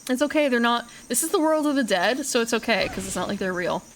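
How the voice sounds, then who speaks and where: Playing a game for the first time, this young woman streamer rambles along casually, keeps correcting herself, and laughs and swears a lot. She has an expressive, fairly high voice and a quick pace. It's a rough recording with a little hiss or hum.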